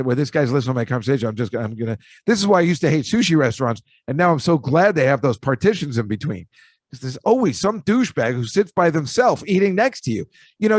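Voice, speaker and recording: A man's voice: on the high side, no echo. Chatty man rambling in a dry room. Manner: rambling, chatty, jokey asides. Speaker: podcast host. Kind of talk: casual storytelling monologue.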